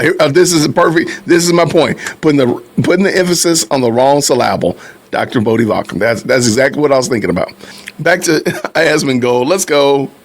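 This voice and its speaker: A man hosting a podcast, reacting to clips in casual, conversational commentary that often turns to his viewers. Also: mid-range voice. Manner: conversational, repeats himself, addresses viewers.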